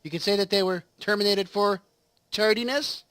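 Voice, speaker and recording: Man, game host, rambling casual chat, fairly high voice, dry recording, recovering from surgery. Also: normal speed, a bit bright, dry recording. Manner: rambling storytelling with acted quotes. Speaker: let's play host. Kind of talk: casual chat over gameplay.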